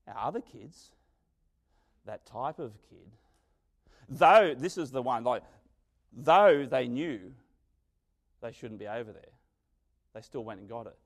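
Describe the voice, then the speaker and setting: A man at a middle pitch preaching a sermon, with a lively voice that rises high and loud in his stories and drops low and soft in reflection. He talks like a storyteller and makes big shifts in loudness. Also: slow pace, pauses often. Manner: animated storytelling, dramatic swings in loudness.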